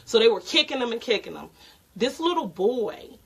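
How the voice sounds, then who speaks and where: A young woman telling a personal story in a casual, halting way with many pauses. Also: a little high, sing-song, gravelly, husky, low-quality recording. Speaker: podcast co-host.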